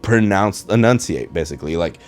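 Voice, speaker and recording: A man's voice: sits low, expressive, normal speed. A man hosting a podcast from home in casual, rambling talk, with a slight Spanish accent in his English and a habit of losing his train of thought. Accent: Spanish-influenced English, rolled R's. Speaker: podcast host. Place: at home, dishwasher running. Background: faint video game music.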